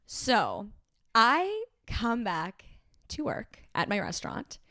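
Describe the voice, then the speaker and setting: A young woman co-hosting a podcast, telling an animated work story in casual chat and swearing freely. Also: fairly high pitch, slow pace. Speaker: podcast co-host.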